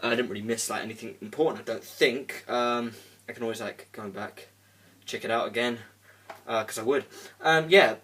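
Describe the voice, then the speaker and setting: A man's voice: mid-range voice, fairly quick, fairly bright tone. A young man giving a casual spoken film review, rambling with lots of fillers and the odd swear word. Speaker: movie reviewer. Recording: voice a bit distant from the mic.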